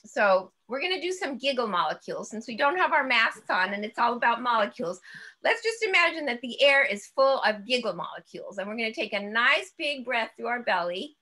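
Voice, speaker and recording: Bright, upbeat woman leading laughter yoga. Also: a little high, big pitch swings, a little fast. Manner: upbeat, chanting and laughing along. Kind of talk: guided laughter exercise class.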